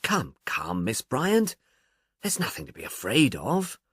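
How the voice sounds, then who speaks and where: Gentle, polite detective, calm and low-key, read by a male narrator. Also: normal speed, breathy edge, dry recording, full character voice. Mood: reassuring. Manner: reassuring, a bit awkward. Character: mild, cordial middle-aged police inspector.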